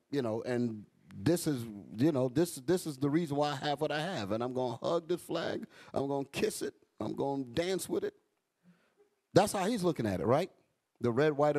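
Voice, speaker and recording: Animated preaching man, lively pitch. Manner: animated, joking, street talk. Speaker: bishop. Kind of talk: preaching sermon.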